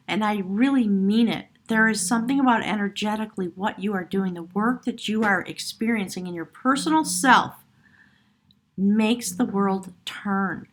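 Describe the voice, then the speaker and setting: A woman giving an earnest, emotional tarot reading, laughing often and at times choked up, her voice cracking. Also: medium pitch. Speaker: tarot reader.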